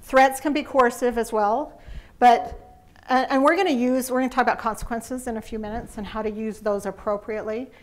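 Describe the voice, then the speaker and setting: A woman's voice: a little high, steady tone, fairly quick. Earnest woman teaching a parenting class. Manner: earnest, heartfelt, conversational. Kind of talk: faith-based parenting lesson.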